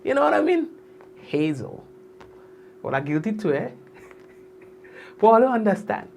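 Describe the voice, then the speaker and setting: A man's voice: high voice, very animated, a little slow, creaky, a little hiss or hum. A man hosting a live news stream, chatting casually and teasing viewers by name as he signs off, laughing often.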